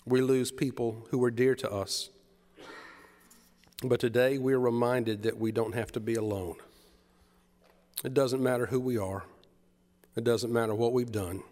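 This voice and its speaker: A man's voice: medium pitch, darkish tone, big-room sound. A man preaching a sermon, retelling the story with drama and repeated phrases.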